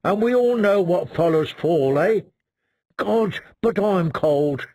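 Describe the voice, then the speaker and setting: A man voicing a gloomy, dour watchman who drawls slowly and ends his lines with "eh?". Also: high voice, lively intonation, a little mellow, no echo, voice pushed up, full character voice. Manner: mournful drawl, tags lines with "eh?".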